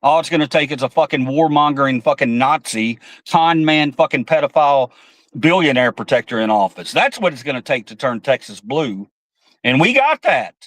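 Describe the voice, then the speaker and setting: A man's voice: medium pitch, expressive, moderate pace, fairly bright tone, dry recording, poor audio. Angry, profane male livestream host. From United States. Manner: heated, profane, reads chat comments aloud. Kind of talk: angry political livestream rant.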